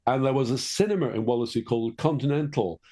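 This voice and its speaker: A man's voice: mid-range voice, quick pace, dark tone. An older man, a guest author talking at length in a podcast interview, wordy and self-correcting, with dry asides. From England.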